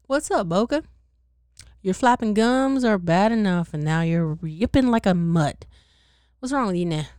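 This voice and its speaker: A woman's voice: medium pitch, expressive, a little slow, darkish tone, clear, resonant tone, dry recording, studio quality, close to an everyday voice. A woman voicing a mocking male sinner trapped in ice who jeers at another prisoner in a storybook reading. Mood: jeering. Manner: jeering, taunting.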